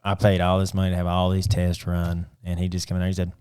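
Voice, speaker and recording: A man in his twenties, chatting casually on a podcast and telling animated stories in which he acts out other people's lines. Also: low-pitched, quick pace, clean tone, no room sound. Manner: animated storyteller who acts out quotes. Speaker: podcast co-host. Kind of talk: casual chat.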